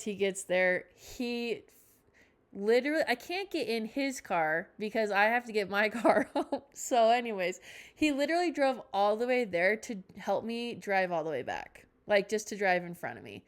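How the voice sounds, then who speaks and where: A young woman hosting a podcast, telling a rambling storytime with tangents and self-mocking asides. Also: medium pitch. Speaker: podcast host. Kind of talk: casual storytime chat.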